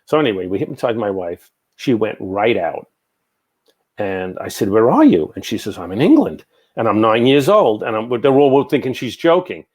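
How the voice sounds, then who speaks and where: An older man tells rambling stories in a relaxed interview, circling back with asides and quick quotes of what people said. His voice sits a bit low for a man. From New York. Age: 60s. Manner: rambling, animated anecdotes with many asides. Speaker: guest, psychic medium. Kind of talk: casual storytelling in an interview.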